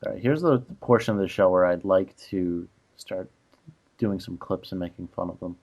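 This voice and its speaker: A low, darkish male voice at normal speed belongs to a casual podcast co-host. His exasperated stories about rude people he's encountered are sprinkled with "like."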